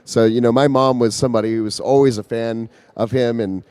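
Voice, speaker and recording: A man talking in a rambling, halting way during a casual conversation at a convention. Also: mid-range voice, fairly even intonation, a little mellow, smooth, no echo. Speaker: interview guest. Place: convention floor.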